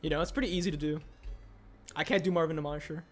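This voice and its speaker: A man's voice: fairly high pitch, fairly even intonation, fast talker. A young man streaming casually, rambling and answering chat aloud as he builds. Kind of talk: casual livestream chat while building a set. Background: faint music.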